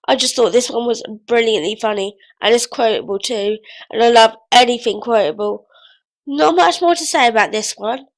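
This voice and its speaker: Young woman, vlogger, high voice, chatty, jokey. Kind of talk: casual countdown commentary.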